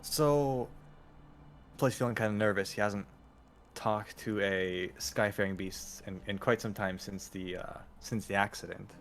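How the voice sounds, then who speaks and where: A man's voice: on the low side, steady tone, unhurried, a little hiss or hum. A man playing a tabletop game, talking hesitantly and stammering. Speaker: player.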